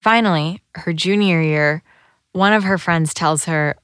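A woman giving scripted documentary narration in a calm, measured storytelling manner. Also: lowish voice, clear, resonant tone, no echo, studio quality.

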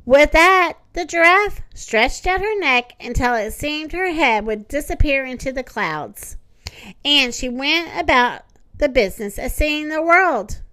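Storyteller, woman, high and musical, slow, dry close sound. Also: no room sound. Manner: gentle, expressive read-aloud delivery. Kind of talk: storybook read-aloud.

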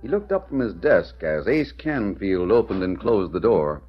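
A man's voice: deep voice, sing-song, normal speed, faint music behind. A man narrating an old-time radio western in a dramatic storytelling manner. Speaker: announcer narrator. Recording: dull lo-fi old radio recording.

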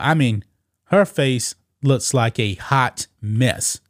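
A man's voice: medium pitch, animated, slow pace, dry recording, studio quality. A man hosting casual political commentary, talking straight to viewers as guys and scoffing as he reads news quotes. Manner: talks straight to viewers, calls them guys.

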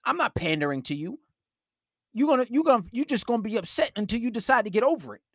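A man's voice: very high voice, big pitch swings, fast talker, fairly bright tone, dry recording, studio quality. A man giving blunt, profane dating advice on a live stream, talking in an emphatic rant.

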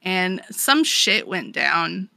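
Woman podcast co-host, bright voice, dry close sound, casual and sweary. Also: lowish voice, big pitch swings, drawn-out words, gravelly, dry recording. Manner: casual, swears freely, frequent "like" and "um". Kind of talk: casual chat recapping a manga chapter.

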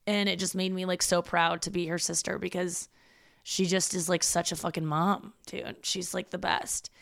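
A woman's voice: lowish voice, little pitch movement, normal speed, vocal fry, a bit bright. A young woman hosting a podcast alone, talking in a chatty, rambling way and swearing freely. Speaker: podcast host. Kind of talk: casual solo podcast monologue.

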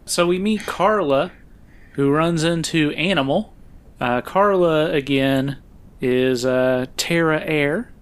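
A man's voice: a little high, takes it slowly, smooth. A man co-hosting a casual film-review podcast, recapping the plot with fillers and frequent laughs. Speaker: podcast co-host.

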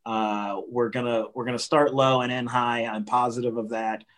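A man co-hosts a comedy podcast, bantering in a playful, teasing way. He talks at an average pitch and keeps restarting his phrases as he goes. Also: flat delivery, normal speed, a bit bright. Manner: joking, playful, with frequent restarts. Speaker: podcast co-host. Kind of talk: casual comedy podcast chat.

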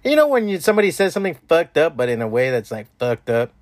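Recorded with clean studio sound and no echo, this podcast host talks fast in a slightly high voice with big pitch swings. Working from home, he delivers a loose, profane, rambling monologue full of restarts.

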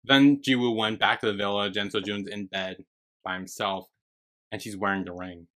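Bright-voiced man in casual recap chat. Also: moderate pace. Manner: animated, swears freely, acts out characters' lines. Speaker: podcast co-host. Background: squeaky chair.

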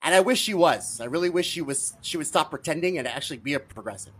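A man's voice: a little high, lively intonation, quick pace, a bit bright, a little hiss or hum. A man appearing as a guest on a political podcast, talking in a teasing, argumentative way. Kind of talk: casual political podcast chat.

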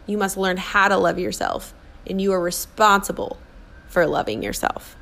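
A woman's voice: mid-range voice, normal speed, gravelly, fairly bright tone. A woman in her forties giving an earnest, coaxing motivational talk, acting out the kind and harsh inner voices she describes. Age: 40s. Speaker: self-help speaker. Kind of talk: motivational monologue.

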